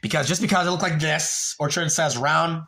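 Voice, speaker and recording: Rambling, profane young man with a gravelly voice. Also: fairly high pitch, a little fast, bright, forceful tone. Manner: profane, rambling, with many fillers. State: a little tipsy. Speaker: livestream host. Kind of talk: casual livestream storytelling.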